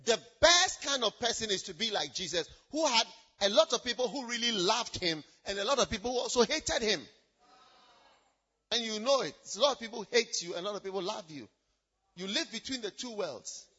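Woman preacher, sermon, high and lively, bright husky tone, emphatic and repetitive. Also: a little fast, dull audio. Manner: emphatic, repetitive, alternating shouts and hushed asides.

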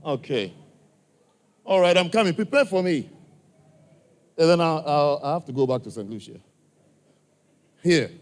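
African-accented man questioning a hall crowd. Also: on the high side. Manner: direct, questioning, coaxing the crowd. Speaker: church speaker addressing a congregation. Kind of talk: live address to an audience. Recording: long reverb from a large hall.

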